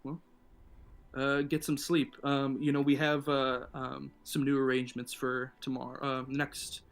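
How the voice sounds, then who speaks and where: A man voicing a tired city guard captain who talks softly and hesitantly, full of pauses. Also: mid-range voice, completely flat delivery, gravelly. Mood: weary, evasive. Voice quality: soft-spoken, hesitant, filler-heavy.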